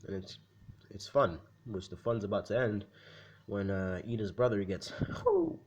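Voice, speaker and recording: A man's voice: fairly low pitch, fairly even intonation, normal speed, background noise. Laid-back man rambling through a fan story. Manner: rambling, slangy, swears freely. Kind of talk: casual fan-story retelling.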